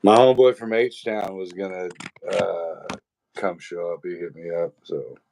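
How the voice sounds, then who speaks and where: Deep-voiced laid-back man. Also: unhurried, vocal fry, a little mellow, slight background noise. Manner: laid-back, rambling with fillers and restarts. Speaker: stream host. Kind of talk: casual livestream chat.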